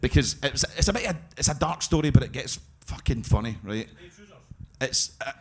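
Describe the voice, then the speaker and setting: A man's voice: medium pitch, animated, normal speed. Glasgow man telling stories and laughing. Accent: Scottish, Glasgow. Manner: swearing, laughing through his stories, often restarting. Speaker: guest storyteller. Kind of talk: live podcast storytelling. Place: live show on stage.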